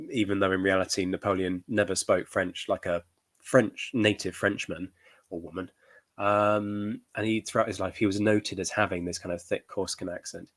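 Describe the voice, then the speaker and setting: Low-voiced male historian, thoughtful. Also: no room sound. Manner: thoughtful, hedging, many fillers. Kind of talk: reaction commentary.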